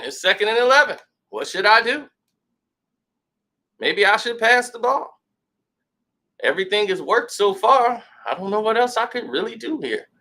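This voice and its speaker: A man commentating his own football video game as he plays, excitable and shouting at big plays, grumbling when things go wrong. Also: high-pitched, gravelly. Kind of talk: casual gaming commentary.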